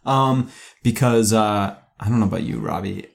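A man's voice: on the low side, moderate pace, creaky. A man co-hosting a movie podcast, talking in a playful, chatty way with lots of fillers and restarts. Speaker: podcast co-host. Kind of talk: casual podcast chat.

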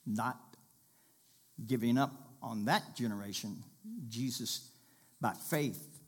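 A man preaching a sermon and reading scripture aloud, with animated, dramatic delivery that jumps between loud and soft, often calling out to the congregation. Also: medium pitch, slow pace, slightly rough. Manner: calls out to the congregation.

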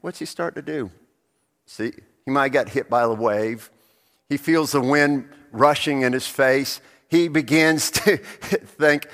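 A man's voice: medium pitch, slow, fairly bright tone. A male pastor preaching a sermon, telling the story vividly and asking rhetorical questions of the congregation. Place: church sanctuary. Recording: long reverb of a church hall.

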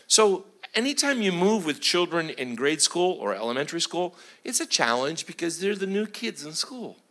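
A middle-aged guest preacher gives an animated sermon packed with stories, moving between booming and hushed delivery at a normal speed.

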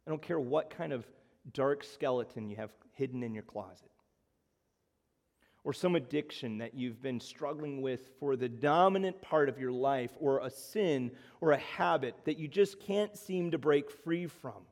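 A man preaching a sermon, swinging from loud emphatic lines to soft, slow appeals. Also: mid-range voice, long reverb tail. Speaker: pastor.

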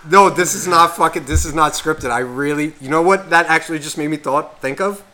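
A man's voice: fairly high pitch, brisk, bright, forceful tone. A man co-hosting a podcast, telling a rambling story in casual chat full of swearing. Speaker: podcast co-host.

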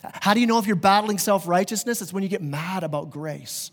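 A man with a high voice preaches a sermon to his congregation. He talks earnestly and conversationally and brings his points home with vivid everyday examples. His voice rings through the long reverb of a large church hall. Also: brisk, fairly bright tone. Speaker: pastor. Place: church sanctuary.

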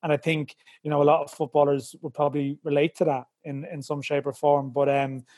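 A man's voice: on the high side, little pitch movement, fairly quick, darkish tone. A man hosting a casual sports podcast, easygoing and a little rambling. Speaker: podcast host. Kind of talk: casual chat.

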